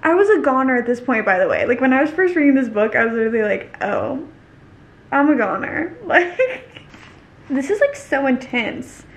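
A woman vlogs a casual book reread, reading passages aloud and reacting in a chatty, gushing way, saying "like" constantly. Her voice is high and sing-song, and she talks quickly with few pauses.

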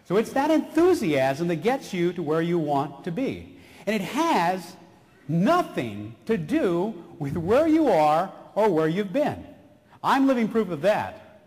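A middle-aged man from San Antonio, giving a motivational keynote and telling stories as an animated storyteller. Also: high-pitched, takes it slowly. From San Antonio, Texas. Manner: animated storyteller, slips into character voices. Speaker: keynote speaker. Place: large conference hall. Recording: long hall reverb from a stage.

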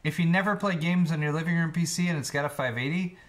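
A man's voice: a little high, quick pace. A man co-hosting a casual livestream, reading donations aloud and explaining hardware questions in a friendly way. He often repeats words as he starts a thought. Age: adult, married.

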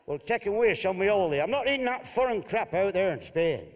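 A man voicing a fussy, grumpy older husband who refuses foreign food, in a loud raised voice. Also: expressive, quick pace. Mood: grumbling. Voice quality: loud, raised high pitch. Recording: long hall reverb.

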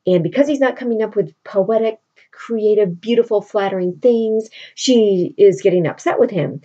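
A woman teacher retelling a play for her class, animated and chatty, peppered with "like". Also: medium pitch, normal speed, breathy edge, muffled recording. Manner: animated storytelling with lots of "like". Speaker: literature teacher.

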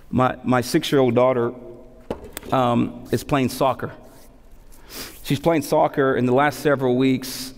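A man in his thirties, a pastor preaching a sermon, animated and repeating key phrases for emphasis between humorous stories. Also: mid-range voice, unhurried, long pauses. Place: church sanctuary. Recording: long hall reverb.

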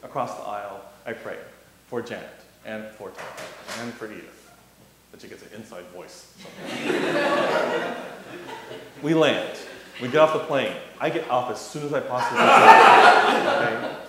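Man, storytelling address, animated, voices the people in it, very echoey hall. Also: medium pitch, unhurried. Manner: animated, acts out voices, laughs through his story. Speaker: guest speaker on youth ministry. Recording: echoey hall, faint hiss.

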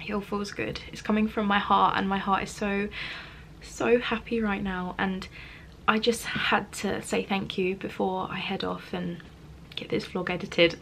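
A woman chatting in a studio vlog, excited and emotional, often laughing and dropping to soft whispers. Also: medium pitch, measured pace, gravelly, slight background noise. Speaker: small business owner vlogging. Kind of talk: casual studio vlog chat.

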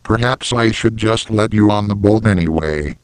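A man voicing a rude, grumpy cartoon character in a meme parody, in a flat, monotone delivery. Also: fairly low pitch, normal speed, smooth, dry recording, natural voice. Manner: monotone, reads internet slang aloud.

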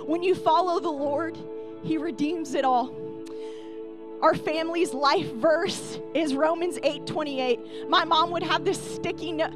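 A young woman pastor delivering a sermon, tender and earnest, building to emphatic peaks. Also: high voice.

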